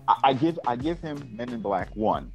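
Lively new podcast host, blunt hot takes, pitch all over, faint music under. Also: male voice, normal speed. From New York. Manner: blunt, opinionated, animated ranting. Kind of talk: casual chat.

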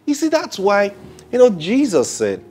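A man preaching a sermon, opening with prayer and acting out little dialogues, swinging from soft to loud. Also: sits high, huge pitch swings, normal speed, husky, soft background music.

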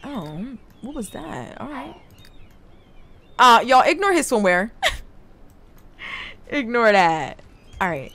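Young woman, chatty game commentary, high voice with very lively pitch, talks straight to viewers. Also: takes it slowly, long pauses, a little hiss or hum. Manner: chatty, excitable, talks to the viewers and her characters. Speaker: gaming YouTuber. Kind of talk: casual let's play commentary.

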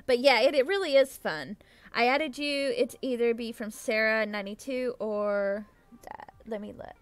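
A woman's voice: a little high, moderate pace, no room sound. A young adult woman chatting casually with viewers on a live stream, bubbly and giggly, thanking them effusively. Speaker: livestreamer.

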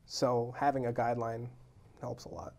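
Animated young male storyteller. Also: medium pitch, moderate pace. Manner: animated storyteller, acts out quotes. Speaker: novelist guest. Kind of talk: casual talk show chat.

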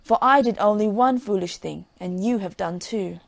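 A woman's voice: medium pitch, normal speed, creaky. A woman voicing a gullible, chattering farmer's wife in a storybook reading. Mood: scolding. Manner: fussy, exclaiming.

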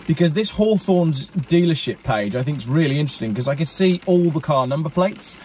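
A man's voice: fairly high pitch, a little mellow, a little hiss or hum. A man hosting a car channel, chatting casually and enthusiastically while speaking directly to viewers. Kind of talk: casual talk to camera.

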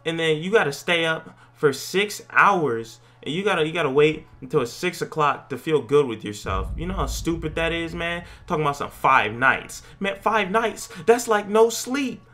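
This young gaming YouTuber's horror let's play is full of slangy jokes and yelps at every scare. His voice is high, bright, forceful, and expressive, moving at a moderate pace with few pauses.

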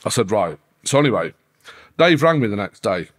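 A man's voice: lowish voice, moderate pace. A man, a podcast guest telling a story casually, swearing constantly and acting out quoted dialogue. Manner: heavy swearing, animated retelling with quoted dialogue.

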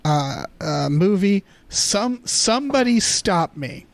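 A man's voice: sits high, lively intonation, slow, vocal fry. A man co-hosting a podcast in casual chat, joking and rambling, trailing off mid-sentence. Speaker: podcast co-host.

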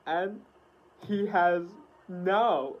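Excitable woman reacting to a video. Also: on the low side, drawn-out words, muffled recording. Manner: gasping, laughing, swearing excitedly.

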